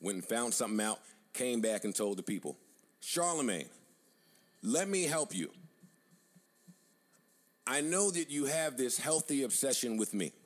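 A man speaking in an assertive, deliberate way, lecturing his critics with confidence. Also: medium pitch, very animated. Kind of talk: confident commentary.

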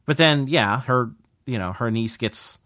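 A man co-hosting a podcast in casual, halting chat, repeating words as he goes. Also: medium pitch, sharp tone, no room sound, studio quality. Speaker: podcast co-host.

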